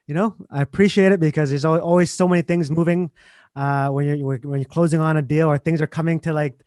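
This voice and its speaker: Male host, slightly high voice, easygoing chat, dry close sound. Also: quick pace, no echo. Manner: relaxed, filler-heavy talk. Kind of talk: casual interview chat.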